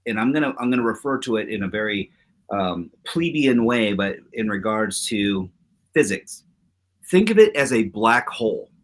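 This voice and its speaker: A man's voice: on the low side, animated, moderate pace. A man co-hosting a casual talk show, speaking emphatically and acting out quotes from his stories. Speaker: co-host. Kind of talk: casual chat.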